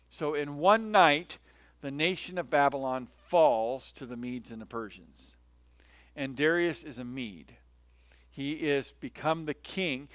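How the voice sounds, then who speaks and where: A male pastor delivers a sermon in a friendly, storytelling way, often pausing to ask his listeners "right?" His voice sits a little high for a man. The sound is dry, with almost no room echo. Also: fairly bright tone. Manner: conversational, tells stories, often checks in with "right?". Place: church.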